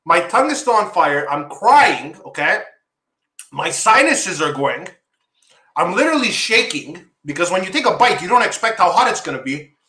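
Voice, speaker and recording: A man's voice: high-pitched, big pitch swings, moderate pace, sharp tone, echoey room. A man hosting a livestream show, teary from spicy food, exclaiming, swearing and groaning as he talks to viewers. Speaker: host.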